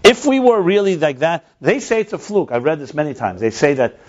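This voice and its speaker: A man leading a casual group discussion, talking in an animated way and often restarting and repeating words as he tells stories. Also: a little high, a little fast. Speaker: lead speaker in a group discussion. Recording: dull lo-fi recording.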